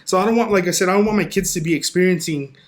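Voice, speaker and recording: A man guesting on a podcast, chatting casually and telling lively stories, acting out what people said. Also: sits high, racing. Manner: animated storyteller who acts out quoted dialogue. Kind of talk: casual conversation.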